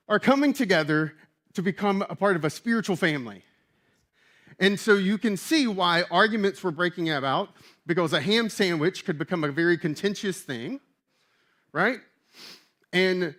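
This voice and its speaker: A man preaching a sermon as pastor, in an animated, emphatic and conversational way. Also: high voice.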